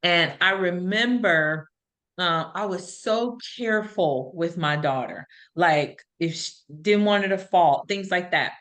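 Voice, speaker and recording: A woman's voice: lowish voice, measured pace, fairly bright tone. A middle-aged woman hosting a podcast, telling stories in an earnest, reflective way in casual conversation. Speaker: podcast host.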